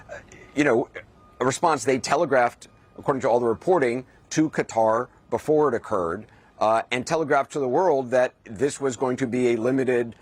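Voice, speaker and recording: Halting male news correspondent, low voice. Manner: halting, many restarts and fillers. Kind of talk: live news report.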